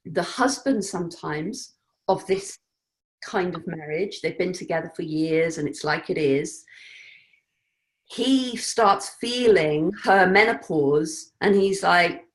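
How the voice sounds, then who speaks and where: A woman speaking as an interview guest, earnest and reflective, at times animated and laughing. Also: fairly low pitch, slow. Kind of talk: conversational interview.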